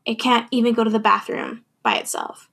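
A woman's voice: on the high side, sing-song, fairly quick, creaky, fairly bright tone. A young adult woman talking candidly and thoughtfully about her feelings in a personal monologue, laughing now and then.

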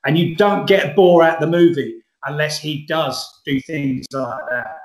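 A man's voice: a little high, a little slow. A middle-aged man, an actor, talking through his ideas in an earnest, rambling way during an interview. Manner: earnest, rambling, lively emphasis. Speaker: guest actor. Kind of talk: conversational interview. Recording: roomy echo.

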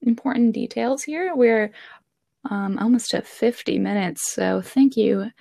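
Woman podcast co-host, slow pace, gravelly fry, laid-back casual chat, many fillers. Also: on the high side, mellow, no room sound, clean studio sound.

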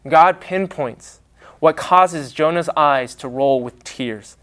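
A man preaching a sermon, with a dramatic, emphatic delivery and pauses. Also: fairly high pitch, fairly bright tone.

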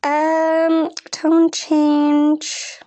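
A woman's voice: high voice, completely flat delivery, extremely slow, warm tone. A young woman hosting her own podcast, chatting casually and rambling, often laughing and losing her train of thought. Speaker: podcast host. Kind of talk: casual personal chat.

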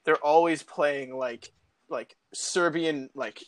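A man's voice: a little high, slow, low-quality recording. A man chatting on a podcast, rambling and repeating himself. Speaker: podcast co-host. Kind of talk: casual chat.

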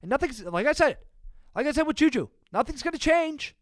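A man hosting his own sports podcast alone, ranting in an exasperated way with sudden loud outbursts. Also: extremely high pitch, sing-song, fairly quick, dry recording, clean studio sound. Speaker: podcast host. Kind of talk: solo sports opinion podcast.

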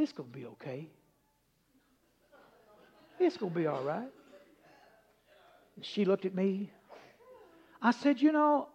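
Male preacher, high gravelly voice, folksy rambling sermon, dull lo-fi sound. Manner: rambling, humorous, shifts between loud emphasis and hushed asides. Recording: dull lo-fi recording.

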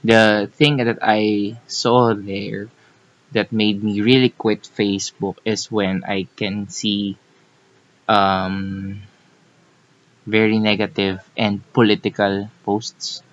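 A man's voice: fairly low pitch, level tone, slow, dull audio. A man co-hosting a casual podcast chat, teasing and restarting his sentences as he talks. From Philippines. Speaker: co-host.

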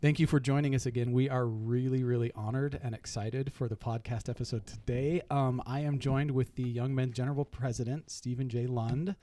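A man's voice: medium pitch, fairly even intonation, mellow. Upbeat man hosting a podcast. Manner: upbeat, laughs often, quick bursts. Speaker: podcast host. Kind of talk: casual chat. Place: studio.

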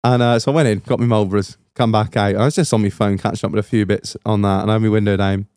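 A man's voice: lowish voice, steady tone, fast talker, a little mellow, clear, resonant tone, dry recording, studio quality. A young man, a podcast host telling a story in casual chat, swearing and laughing his way through it.

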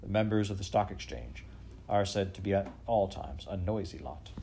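Male storybook narrator, low voice, measured delivery, faint hiss. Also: creaky. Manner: measured, lively character voicing. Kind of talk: storybook reading.

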